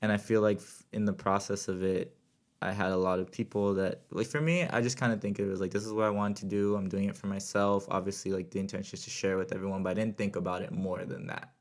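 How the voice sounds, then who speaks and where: A man in his twenties from Southern California, a podcast guest talking in a relaxed, reflective way, hedging with "like" and "kind of". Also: deep voice, fast. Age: 20s. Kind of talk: casual podcast chat.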